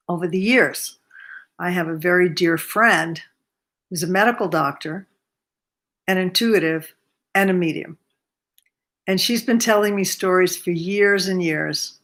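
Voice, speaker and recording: A woman in her seventies, a massage therapist, telling a personal story to camera in an unhurried, earnest way from her cozy home by a fireplace. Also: on the low side, fairly bright tone. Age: 70s.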